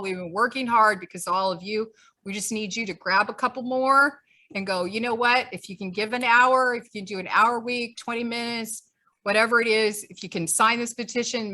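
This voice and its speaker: Lady organizer on a video call, bright and punchy, fired up and chatty. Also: a little high. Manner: rousing, conversational, emphatic. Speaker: grassroots group leader. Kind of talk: closing remarks at an online meeting.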